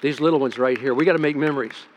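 An older man, a pastor, preaching a sermon in a folksy storytelling way, dropping soft and then rising emphatic. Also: mid-range voice, very fast, a little hiss or hum.

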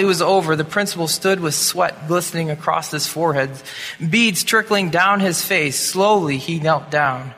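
A male preacher tells a sermon story dramatically, acting out sound effects along the way. His voice sits fairly high and sounds bright and forceful. It rings through a hall with long reverb.

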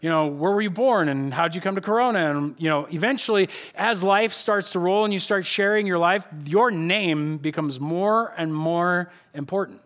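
Pastor, male, higher-pitched voice, laid-back slangy preaching, swings between loud and hushed. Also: moderate pace, few pauses. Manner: casual, conversational preaching with slang; animated, swings between loud emphasis and quiet. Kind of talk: sermon. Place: church.

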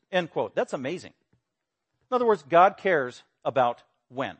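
Emphatic preacher, man with a higher voice. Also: big pitch swings, moderate pace, breathy edge. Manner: emphatic, rising to loud exclamations then dropping low. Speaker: pastor. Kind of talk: sermon.

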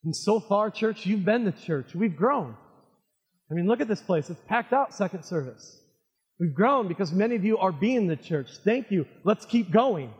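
A male pastor delivering an animated sermon, throwing call-and-response questions to his congregation. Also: high-pitched, normal speed, long reverb tail. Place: church sanctuary with congregation.

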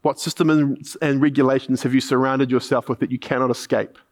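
A man's voice: mid-range voice, fairly even intonation, a little fast. A man with a New Zealand accent preaching a sermon, telling a mission story with repeated punchlines and then asking the listeners probing questions.

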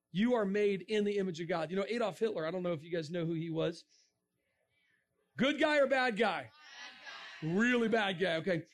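A middle-aged man giving a lively creationist talk to a young audience, joking and asking the crowd questions. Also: high-pitched. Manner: animated, asks the crowd questions, jokes. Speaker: creationist speaker.

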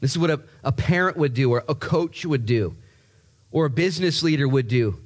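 A man preaching a sermon in a lively, joking way, repeating words and jumping up in pitch to stress a point. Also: fairly quick. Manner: animated, jokey, repeats himself, voice jumps high for emphasis. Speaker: pastor.

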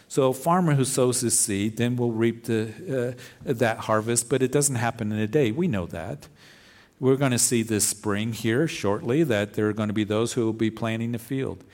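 A man's voice: lowish voice, normal speed, darkish tone. A man, a pastor preaching a sermon with scripture readings in an earnest, plain-spoken way.

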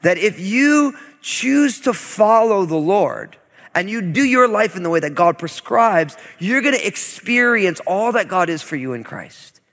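A man in his thirties preaching a sermon as pastor, conversational and animated, telling family stories with asides. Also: high voice, a little slow. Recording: long reverb of a large hall.

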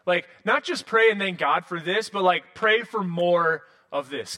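Bright-voiced casual young pastor. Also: male voice, high-pitched, a little slow. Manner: casual, animated storytelling with many fillers. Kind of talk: sermon.

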